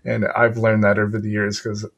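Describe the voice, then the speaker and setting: A man hosting a casual interview, conversational and animated, often stammering as he starts his sentences. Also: lowish voice, fairly quick, vocal fry, highs cut off.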